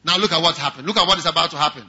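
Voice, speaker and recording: A man preaching a sermon as pastor, moving from quiet talk to shouting, and mocking critics in whiny voices. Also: a little high, racing, breathy edge. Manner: mocks objectors in whiny voices. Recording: dull lo-fi sound.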